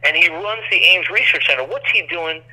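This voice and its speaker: A man's voice: on the high side, a little fast, pushed and bright, breathy edge. A man telling a long, rambling story as an interview guest, acting out quoted voices, over a phone line.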